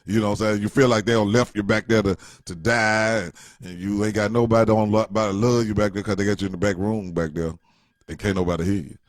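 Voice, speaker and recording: A man's voice: on the low side, steady tone, fast talker, dry recording, studio quality. A middle-aged man telling a rambling, joking story in casual slang. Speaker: vlogger.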